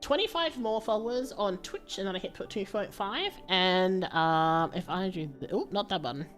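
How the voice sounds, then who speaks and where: A woman with a low voice rambling casually to her viewers during a livestream, with fillers and laughs. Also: animated, moderate pace, soft background music. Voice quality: low-pitched voice.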